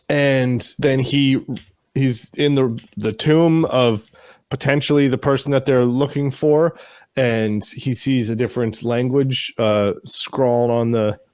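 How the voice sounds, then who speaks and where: A man co-hosting a casual recap chat, retelling each scene with animated, mocking voices for the characters. His pitch sits in a middling range, and his swearing comes out offhand. The sound is dry and close, with no room echo. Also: clear, resonant tone. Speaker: podcast co-host.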